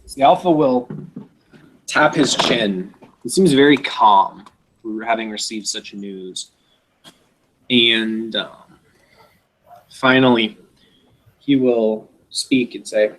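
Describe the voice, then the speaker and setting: A man's voice: mid-range voice, slow, pauses often, noisy background. A man narrating a tabletop role-playing game as game master, in a casual manner with frequent fillers.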